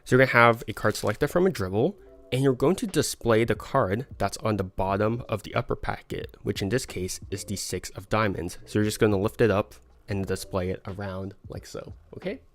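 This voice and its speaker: On a livestream tutorial, a man with a fairly low voice talks a little fast while teaching a card sleight. He stumbles and laughs at his own mistakes, with faint background music playing.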